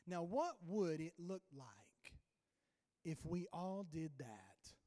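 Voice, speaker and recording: Male pastor, high voice, storytelling sermon, long church reverb. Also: big pitch swings, slow. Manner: storytelling, with sudden swings in loudness. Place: church sanctuary.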